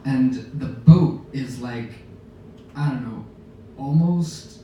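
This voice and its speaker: A man casually telling an animated sailing story to a live audience aboard a ship, laughing as he goes. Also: mid-range voice, takes it slowly. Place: lounge aboard a ship, indoors. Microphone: phone camera in the audience. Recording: very echoey room, distant mic, faint background noise.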